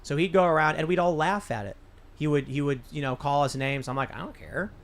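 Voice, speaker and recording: A man's voice: a little high, brisk. A man hosting a casual panel discussion in a podcast studio. He tells long, rambling anecdotes and often restarts his sentences. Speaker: show host.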